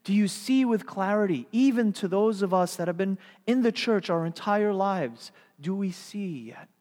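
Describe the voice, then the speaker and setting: Male preacher, slightly high voice, rhetorical and dynamic, long hall reverb. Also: animated, moderate pace. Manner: rhetorical questions, swings from emphatic to hushed. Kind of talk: sermon.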